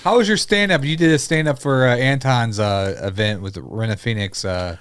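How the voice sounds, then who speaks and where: A man's voice: mid-range voice, moderate pace, fairly bright tone, clean tone, dry recording, studio quality. A man in a casual group chat, teasing and asking friendly questions.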